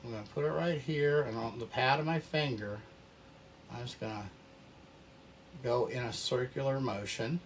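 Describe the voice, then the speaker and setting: A man's voice: mid-range voice, slight background noise. A man leading a paint-along oil painting lesson, talking in an easygoing way as he works, often half to himself. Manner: slow, easygoing, talks to himself while working. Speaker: painting instructor. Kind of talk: relaxed paint-along tutorial.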